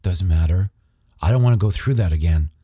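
A man's voice: low voice, fairly quick, dark tone, slightly rough, dry recording, clean studio sound. A man voicing a confident, guarded teenage boy with a wry, matter-of-fact way of talking.

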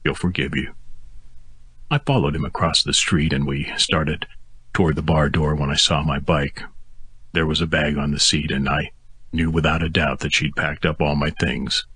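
An audiobook narrator reads a first-person story at normal speed in a steady, intimate manner. His very deep, markedly husky voice has a bright, forceful edge. The close mic gives a dry sound with no room sound.

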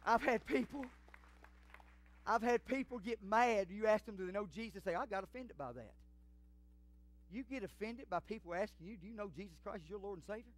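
Man, pastor, high voice, preaching, shouts and whispers, middle-aged. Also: fairly quick. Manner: swings from shouting to a hushed whisper; folksy Southern preacher talk. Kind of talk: sermon. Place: church sanctuary.

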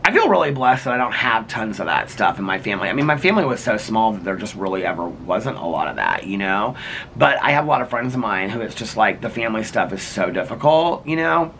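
Male vlogger, bright voice, chatty and rambling, reads comments. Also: lowish voice, sing-song, fast talker, gravelly, slight background noise. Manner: chatty, rambling, heavy use of "like". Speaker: vlogger reading viewer comments. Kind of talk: casual chat.

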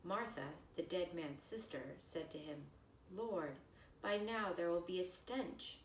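A woman teacher reads scripture aloud to children at a slow, careful pace, then explains it plainly. Her voice sits a little low. She is recorded from a distance in an echoey room with faint background noise. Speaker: religion teacher. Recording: echoey room, voice from far off the mic.

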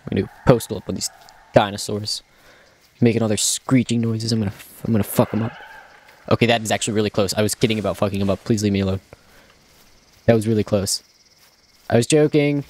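A man's voice: on the low side, darkish tone. Chatty young man narrating his gameplay. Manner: chatty, talks to himself, jokey and self-mocking. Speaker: gameplay commentator. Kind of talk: casual let's-play commentary.

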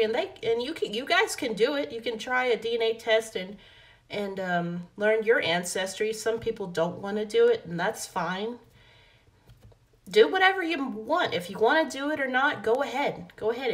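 A woman's voice: mid-range voice, a bit bright. A young adult woman talking casually to her viewers in a vlog, rambling and correcting herself often, recorded on a phone. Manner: rambling, self-correcting, many fillers. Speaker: vlogger. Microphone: phone camera mic.

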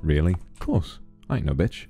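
A man's voice: deep voice, normal speed, soft background music. A man streaming a horror game, talking casually, swearing freely and yelping at jump scares. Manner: excitable, swearing, yelps at scares. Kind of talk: casual gameplay commentary.

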